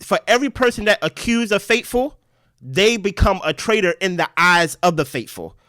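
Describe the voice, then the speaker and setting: A man breaks down a game strategy in a casual recap chat. He talks fast and animated, dropping "right?" as he goes, in a fairly high voice. The recording is close and dry. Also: dry recording. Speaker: podcast co-host.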